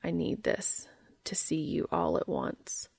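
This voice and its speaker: A woman voicing a tender, adoring adult man in a romance story read aloud, speaking softly and earnestly. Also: low-pitched, takes it slowly, creaky, breathy edge, dry recording, in a whisper, full character voice. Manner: soft, hushed and earnest.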